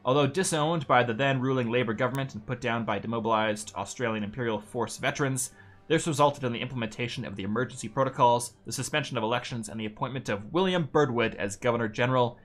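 A man's voice: medium pitch, fast talker, a bit bright, faint music behind. A man streaming a strategy game in casual chat, reading game text aloud, laid-back and swearing freely. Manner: swearing, laid-back, stumbling over names.

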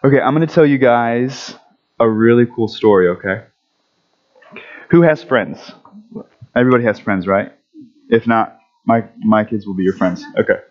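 A man giving a children's story at a church service, friendly and animated, asking the kids questions as he goes. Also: medium pitch, normal speed, long pauses, highs cut off.

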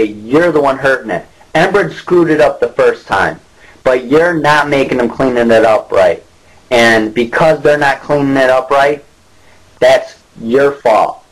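A man's voice: medium pitch, rough recording. Indignant man ranting to camera. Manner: indignant, repeats himself, rhetorical questions. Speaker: local whistleblower. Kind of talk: angry direct-to-camera rant.

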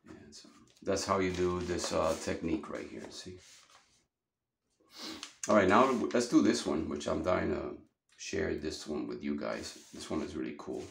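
A man's voice: low voice, a little slow, vocal fry, echoey room, a little hiss or hum. A man teaching a drawing lesson, talking casually and thinking aloud as he sketches.

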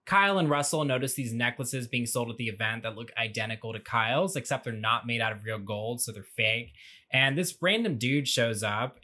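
A man's voice: medium pitch, sharp tone. A man recapping a movie for laughs, with sarcastic, wry asides. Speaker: movie commentary host. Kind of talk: comedic movie recap narration. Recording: audio glitch.

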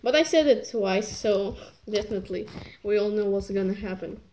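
A woman's voice: mid-range voice, moderate pace, a little mellow. A woman reviewing a strategy game in rambling, joking commentary that keeps interrupting itself. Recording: noisy recording with clicks.

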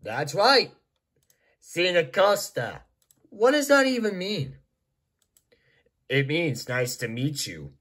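A man voicing a cheerful, friendly male builder in an amateur storybook act, talking slowly and gently. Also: on the high side, big pitch swings, heavily acted. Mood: upbeat.

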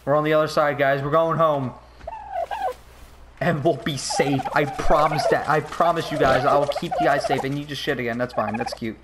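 A young man giving casual gaming commentary, swinging from mock grief to frantic yelling and swearing. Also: on the high side, fairly even intonation, normal speed, very noisy. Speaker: gameplay commentator.

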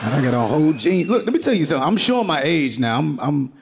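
A man's voice: a little high, sing-song, fast, slightly rough. A man in his forties doing stand-up on a theater stage, loose and profane, laughing through his lines. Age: 40s. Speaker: stand-up comedian. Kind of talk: stand-up comedy set.

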